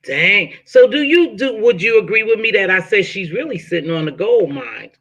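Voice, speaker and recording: A woman hosts a casual live-stream chat with a bright, forceful tone. She asks a guest probing questions in a friendly, easygoing way. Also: mid-range voice, expressive, moderate pace, lo-fi sound. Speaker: host interviewing a chat guest.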